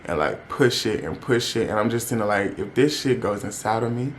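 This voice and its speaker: A man's voice: lowish voice, animated, brisk, few pauses, slight background noise. A young man telling a personal story in a casual, candid vlog. He talks to his viewers directly and uses plenty of slang. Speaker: vlogger.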